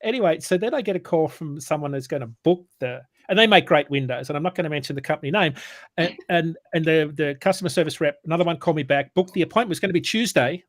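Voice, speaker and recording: A fairly high-voiced man tells a long story in casual chat on a sales morning show. He is animated, acts out the dialogue and stumbles and restarts often. The sound is dry and close. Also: fast, no echo.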